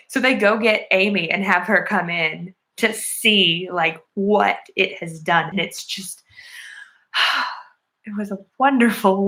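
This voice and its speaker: Woman, casual movie reviewer, slightly low voice, rambling and earnest. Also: fairly bright tone. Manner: chatty, lots of "like" and "um" fillers; earnest and enthusiastic about the film. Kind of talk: casual plot retelling.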